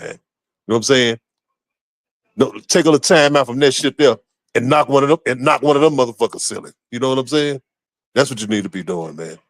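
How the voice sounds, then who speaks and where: Man, blunt, profane, mid-pitched, dry close sound, radio co-host. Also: dry recording. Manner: blunt, profane, repeats "you know what I'm saying". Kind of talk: casual opinion talk.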